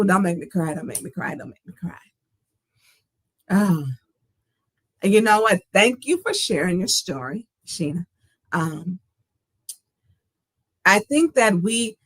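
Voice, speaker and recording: A woman's voice: mid-range voice, a bit bright, no room sound. Middle-aged woman, talk show host, earnest, emphatic, personal, livestream monologue.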